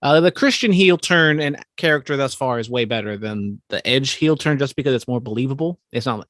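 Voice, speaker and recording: A man's voice: mid-range voice, a bit bright, no room sound. Man giving dry, plain podcast opinions. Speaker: podcast co-host. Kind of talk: casual chat.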